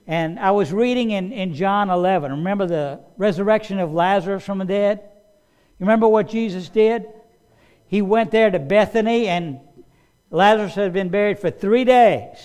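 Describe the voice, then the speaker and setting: A man preaching a sermon in an animated way, restarting phrases and raising his voice for quoted commands. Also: sits high, moderate pace, clean tone. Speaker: pastor.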